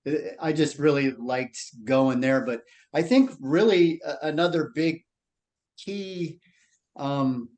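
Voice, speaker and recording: A man reflecting on a mission trip in a casual interview, halting and full of fillers. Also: fairly high pitch, a little mellow. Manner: halting, many fillers and restarts.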